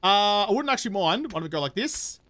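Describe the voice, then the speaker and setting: A man's voice: high-pitched, expressive, fast, sharp tone, slight background noise. A man with an Australian accent, chatting casually and jokily with his live-stream audience as he plays a game, rambling and throwing in slang and the odd swear.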